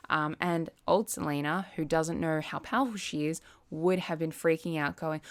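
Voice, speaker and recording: A young woman vlogger talking casually to the camera, chatty and quick to act out little quoted asides. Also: deep voice, fairly even intonation, clear, resonant tone. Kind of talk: casual chat.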